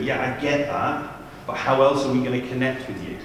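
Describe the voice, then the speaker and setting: A youth ministry leader tells anecdotes at a church seminar, chatty and humorous, with asides. His mid-range voice is level and brisk, caught from afar in a large, echoey church hall over crowd noise.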